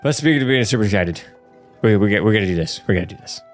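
A man co-hosting a casual podcast, chatting with excited, geeky enthusiasm and frequent laughter. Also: fairly low pitch, rapid-fire, faint music behind. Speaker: podcast co-host. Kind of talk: casual chat.

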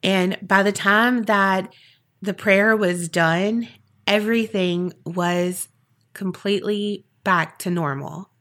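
A woman's voice: mid-range voice, steady tone, takes it slowly, a bit bright. A woman podcast host telling a story in a chatty, casual way with wry asides.

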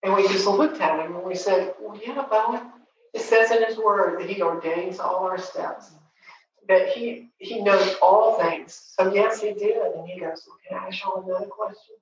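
A woman in her forties giving a personal faith testimony as a grieving mother, earnest and tender, pausing often with fillers. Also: medium pitch, a little hiss or hum. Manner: halting, with frequent pauses and fillers. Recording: very echoey, distant, dull recording.

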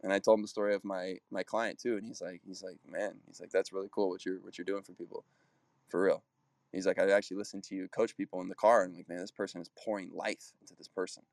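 A man in his thirties talks fast and earnestly, sharing his thoughts with a group in a loose, rambling way. His voice sits a little low, and he often restarts his sentences and acts out what people said. The sound is close and dry, with no room around it. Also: flat delivery, creaky, dry recording. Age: 30s. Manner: rambling, earnest, frequent restarts and acted-out quotes. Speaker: basketball player and coach hosting a group talk. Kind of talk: casual motivational talk.

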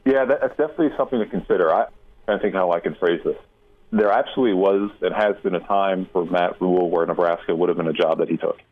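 Deep-voiced man on a phone line. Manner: measured, emphatic analysis. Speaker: guest college football insider. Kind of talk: radio interview answers.

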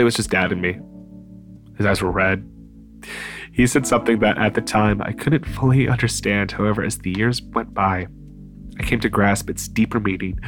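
An older man narrating a painful personal memory in a quiet, measured way. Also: on the low side. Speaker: storyteller.

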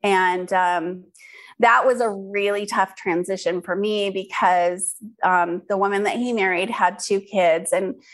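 Candid woman sharing her story. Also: mid-range voice. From California, USA. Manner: earnest, frequent ums and restarts. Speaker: interview guest, skincare business founder.

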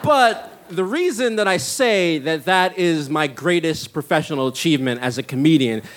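A man's voice: a little high, moderate pace. A man, telling a rambling comic story full of likes and uhs. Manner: rambling, many likes and uhs, animated when excited. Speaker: stand-up comedian and storyteller. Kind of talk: storytelling monologue.

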